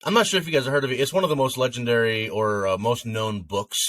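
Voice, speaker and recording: A man's voice: medium pitch, quick pace, fairly bright tone, no room sound. A man co-hosting a podcast, chatting casually about movies, rambling with lots of fillers. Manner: rambling, filler-heavy, breaks into sung snippets. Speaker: podcast co-host. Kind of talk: casual chat.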